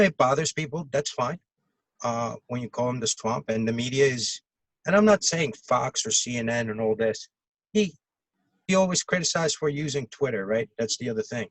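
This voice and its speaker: A man with a medium-pitched voice pushes his points in a rambling, opinionated way. He leans on fillers as he goes. The recording is dry and close. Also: dry recording, poor audio. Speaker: podcast co-host. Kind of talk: casual political chat.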